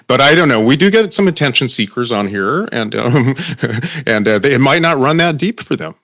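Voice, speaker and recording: A man's voice: mid-range voice, animated, moderate pace, a bit bright, no echo, studio quality. A man hosting an interview, talking reflectively and laughing often. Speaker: podcast host. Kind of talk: conversational interview.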